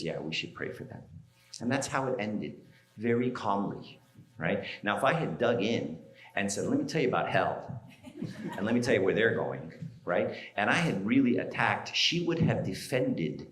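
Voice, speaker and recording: A man's voice: low voice, echoey room. A middle-aged man, an archdeacon giving a parenting seminar, talking conversationally and telling stories, often checking in with "right?". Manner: conversational, storytelling, keeps asking "right?". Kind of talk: seminar talk. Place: church hall.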